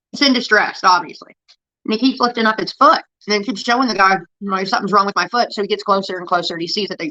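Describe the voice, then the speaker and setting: A woman's voice: mid-range voice, pushed and bright, rough recording. A woman livestreaming, telling a rambling, profane story in a casual chat that keeps getting sidetracked.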